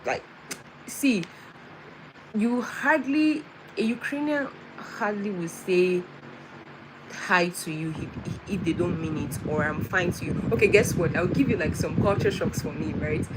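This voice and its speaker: A young woman from West Africa telling travel stories in casual live-stream chat. She talks in an animated way, restarts her sentences often and laughs as she goes. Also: on the low side, measured pace. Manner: chatty, with many restarts and laughs, animated storytelling. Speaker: vlogger. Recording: noisy background with vehicle sounds.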